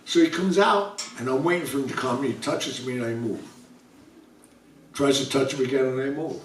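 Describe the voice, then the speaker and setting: A man's voice: mid-range voice, normal speed, slight background noise. Older new man telling stories in a roomy hall. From New York. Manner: chatty anecdotal storyteller acting out dialogue. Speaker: author guest speaker. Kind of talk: storytelling to a live audience. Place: bookstore event room. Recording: roomy sound from a distant mic.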